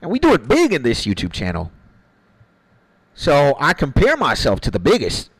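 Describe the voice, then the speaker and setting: A man's voice: fairly high pitch, wildly swooping pitch, moderate pace, slightly rough, no room sound, rough recording. A man streaming a game, chatting loosely with his viewers in a rambling, slangy way. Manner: rambling, slangy, calls chat "bro" and "my G". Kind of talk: casual chat with viewers while gaming.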